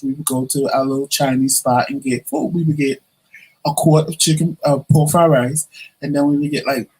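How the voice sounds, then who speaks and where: Speaking to the camera, this male vlogger recounts something that happened to him, lively and conversational, slipping into the voices of the people he quotes. His voice sits on the high side and is slightly rough, captured on a rough recording.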